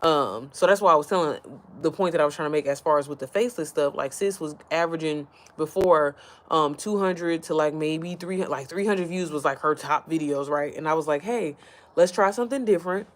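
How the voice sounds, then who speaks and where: This woman's voice sits low and runs a little fast as she chats from home with her followers. An online business creator, she's chatty and rambling, easily distracted, and often speaks straight to the people watching.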